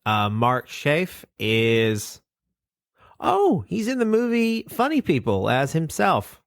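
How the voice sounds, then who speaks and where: A man's voice: on the high side, huge pitch swings, creaky, no room sound. Man, nasal voice, podcast co-host, casual, dry close recording. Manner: reads definitions aloud quickly, swears casually.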